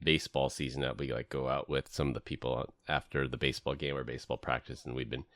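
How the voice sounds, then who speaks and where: Very deep-voiced and fast-talking, this middle-aged host of a laid-back tech podcast tells lively stories and performs the voices of people he quotes. There's no room sound at all.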